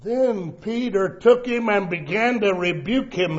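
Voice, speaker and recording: A male preacher delivers a sermon, swinging between loud cries and hushed tones. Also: high-pitched, a little slow, dull audio.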